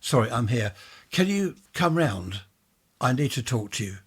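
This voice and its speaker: A man's voice: medium pitch, sing-song, normal speed, breathy edge. A man reading a ghost story, voicing a flustered, worried mother who pleads and frets. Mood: anxious.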